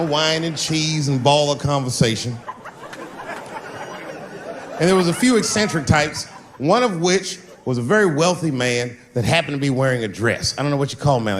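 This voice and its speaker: Profane, animated male stand-up comedian. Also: on the high side. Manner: profane, animated storytelling, acts out characters. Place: stage before a live audience.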